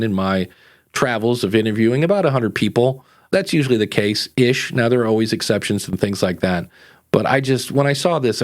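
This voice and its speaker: A middle-aged man hosting a podcast, ranting with sarcastic, animated asides about beginners. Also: mid-range voice. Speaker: podcast coach and host. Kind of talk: casual podcast chat.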